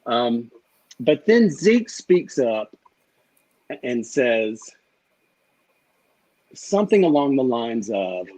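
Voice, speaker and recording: Husky-voiced man telling a raw story. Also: medium pitch, animated, slow pace, poor audio. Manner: candid, profane, acts out quoted exchanges. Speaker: guest. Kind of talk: emotional storytelling interview.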